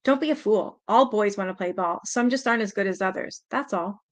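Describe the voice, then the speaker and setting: A woman's voice: mid-range voice, brisk, lightly acted. A woman reading the lines of an angry, bullying middle-aged father, voicing him harshly and threateningly. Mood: scornful.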